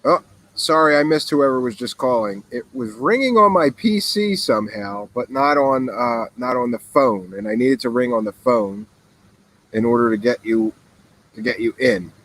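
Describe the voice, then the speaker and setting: A man hosting a call-in show in casual chat, recorded on a laptop outdoors by a fire in the mountains, relaxed and easily amused. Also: mid-range voice, moderate pace, poor audio. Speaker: host. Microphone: laptop mic.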